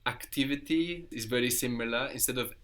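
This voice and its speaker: A man teaching Italian, explaining slowly and repeating each word back. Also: mid-range voice, a bit bright. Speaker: Italian tutor. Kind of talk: language lesson over a call.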